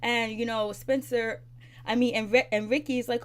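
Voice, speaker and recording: A woman's voice: fairly high pitch, fairly even intonation, moderate pace. Chatty woman recapping a TV episode. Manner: chatty, loose retelling with many fillers, voices characters' lines. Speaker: TV episode reviewer.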